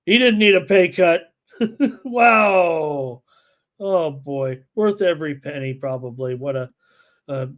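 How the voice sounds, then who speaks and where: Excitable man with a slow, higher voice. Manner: excitable, with frequent "uh" fillers. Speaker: sports betting show host. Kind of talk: live sports betting analysis, reading viewer chat.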